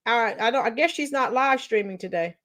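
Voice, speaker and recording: A chatty woman with a high voice hosts a live stream and talks casually to her viewers. She greets them by nickname, reads their comments aloud and laughs often. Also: a little fast, a bit bright.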